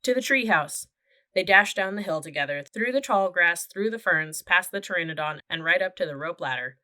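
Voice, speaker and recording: A woman's voice: fairly low pitch, brisk, pushed and bright. Woman reading a children's book aloud. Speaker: audiobook narrator. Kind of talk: children's audiobook narration.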